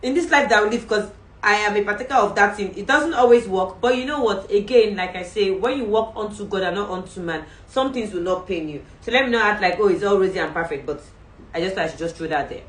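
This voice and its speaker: Lively woman giving a faith talk. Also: mid-range voice, fairly quick. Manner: animated storytelling with acted voices and asides. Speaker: podcast host. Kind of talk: faith-based motivational talk. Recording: roomy sound from a distant mic.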